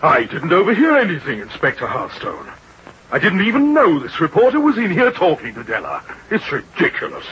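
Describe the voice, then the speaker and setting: A man's voice: on the high side, wildly swooping pitch, a little fast. An actor playing a nervous, evasive businessman under suspicion in a 1940s-style radio drama, defensive and protesting. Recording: lo-fi old radio recording with faint hiss.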